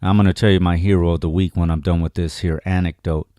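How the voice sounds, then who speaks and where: Exasperated low-voiced man ranting. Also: level tone, quick pace, warm tone, dry recording, studio quality. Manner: exasperated, repeats "you know what I mean". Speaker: podcast co-host. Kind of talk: profane ranting commentary.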